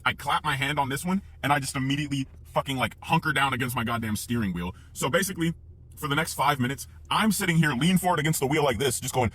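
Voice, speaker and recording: A young man telling a personal story in a casual, profane, animated way, acting out the sounds as he goes. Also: on the high side, quick pace.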